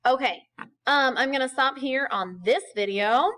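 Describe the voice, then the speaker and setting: A woman with a fairly high voice teaches a recorded lesson over slides. She explains things patiently and step by step, often pausing to check in with a quick "okay?". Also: fairly bright tone, low-quality recording. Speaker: Spanish teacher.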